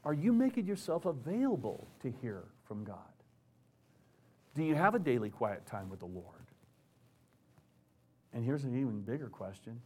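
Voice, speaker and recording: A man preaching a conversational sermon, reading scripture aloud and dropping to hushed asides. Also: medium pitch, very animated, normal speed, long pauses, slightly rough. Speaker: pastor.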